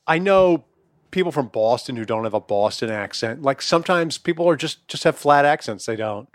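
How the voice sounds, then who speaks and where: A man's voice: mid-range voice, lively intonation, normal speed, dry recording, clean studio sound. A middle-aged man co-hosting a podcast, chatting loosely and profanely with frequent laughs. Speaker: podcast co-host. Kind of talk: casual chat.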